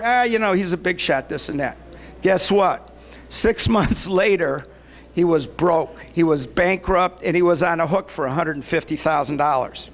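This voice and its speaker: A man's voice: a little high, moderate pace. A man, organizer of a meetup group, telling a story to the room in a loose way and often checking in with the audience.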